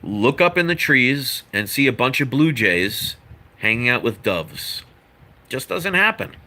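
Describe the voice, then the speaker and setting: Male vlogger, earnest and preachy, bright tense voice, mid pitch. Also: very animated, measured pace. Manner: earnest, lecturing, rambling with asides. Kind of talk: opinion monologue to camera.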